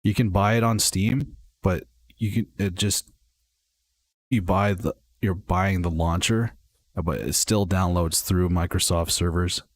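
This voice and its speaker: A young man streams himself playing a flight game, chatting casually and rambling to his viewers. His voice sits low with fairly even intonation, and he speaks unhurriedly with no echo.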